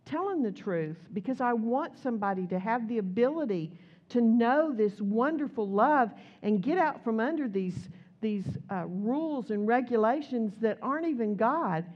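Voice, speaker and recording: Brief: woman preacher, high-ish voice, chatty animated sermon, dull lo-fi recording. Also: normal speed. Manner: conversational, animated storytelling with acted quotes.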